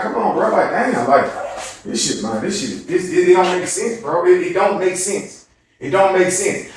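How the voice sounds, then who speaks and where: A young man with a fairly high voice argues hard, fast and repetitive, swearing as he acts out what others said. He sits back from the mic in a very echoey room, so the voice rings and sounds distant. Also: a bit bright, a little hiss or hum. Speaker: livestream host. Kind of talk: heated casual argument.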